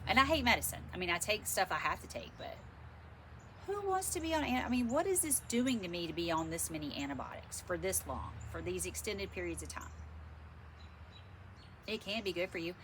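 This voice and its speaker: A woman's voice: lowish voice, very animated, a little fast, a bit bright, slight background noise. A middle-aged woman with a stuffy, congested voice, chatting frankly and ramblingly to camera in a casual vlog. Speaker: vlogger.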